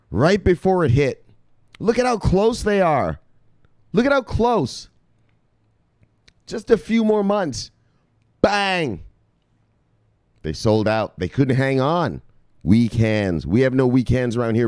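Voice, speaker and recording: A man's voice: lowish voice, no echo, clean studio sound. Fired-up, foul-mouthed man hyping his viewers. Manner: profane, fired-up, keeps shouting "bang". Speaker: crypto video host. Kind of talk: hyped pep-talk vlog.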